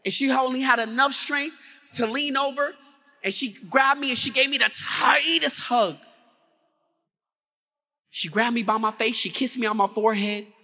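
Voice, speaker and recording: A man's voice: extremely high pitch, moderate pace, pauses often, bright, forceful tone. A man giving a motivational keynote, telling his story dramatically and drawing the audience into call-and-response. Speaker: keynote speaker. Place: large conference hall. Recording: reverberant conference hall.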